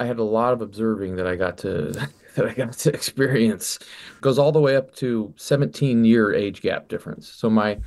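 A man with a fairly low voice talks through his new record in an unhurried, reflective way. He often stops and repeats a word while he gathers his thoughts. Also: darkish tone. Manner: reflective, stumbles and repeats words. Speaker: musician guest on radio. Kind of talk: relaxed radio interview talk.

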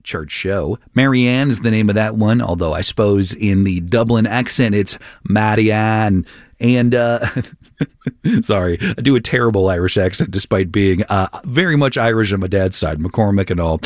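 A man's voice: lowish voice, brisk, few pauses, no room sound, studio quality. A man hosting a radio chart countdown, running through the picks in an upbeat, conversational way with casual asides. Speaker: radio chart show host.

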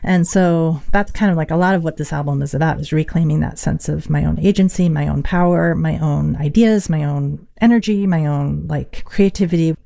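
A woman's voice: low voice, normal speed, creaky, few pauses, warm tone. A middle-aged woman musician talking reflectively in an interview, with many fillers. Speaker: musician guest. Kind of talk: casual interview talk.

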